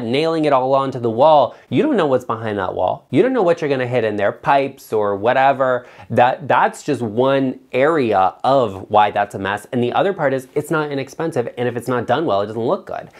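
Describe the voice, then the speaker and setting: Emphatic male design vlogger, casual and blunt, swings up high on asides. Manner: emphatic and chatty, big pitch jumps on asides. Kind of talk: casual straight-talking advice vlog.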